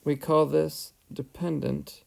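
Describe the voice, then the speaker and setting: Gravelly male math teacher. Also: fairly high pitch, level tone, takes it slowly, a little mellow. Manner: patient, explains step by step, asks "right?". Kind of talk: whiteboard math lesson. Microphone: headset or tablet mic, voice-over screencast.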